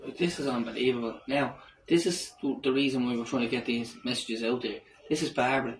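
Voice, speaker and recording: A man's voice: mid-range voice, fairly even intonation, brisk. A man with an Irish accent who is hosting a campaigning video and speaks indignantly. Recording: echoey room, faint noise.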